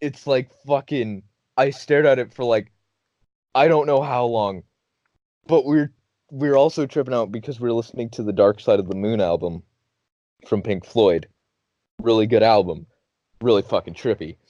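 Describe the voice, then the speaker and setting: A man's voice: medium pitch, moderate pace, long pauses, dry recording, dull audio. A young man hosting a podcast, telling a funny story casually, cursing often and laughing as he goes. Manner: laughing, profane, animated storytelling. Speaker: podcast host.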